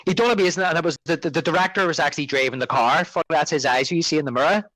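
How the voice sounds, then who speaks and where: A man's voice: on the high side, rapid-fire, no echo, poor audio. A man co-hosting a podcast, chatting casually about a film and acting out its lines. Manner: animated, quotes film lines in character. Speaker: podcast co-host.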